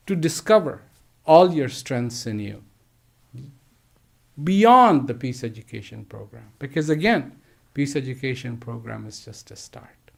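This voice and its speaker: A man giving a slow storytelling talk to teachers, gentle and emphatic, with repeated phrases and pauses. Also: medium pitch, creaky. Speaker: speaker addressing teachers. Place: live online address.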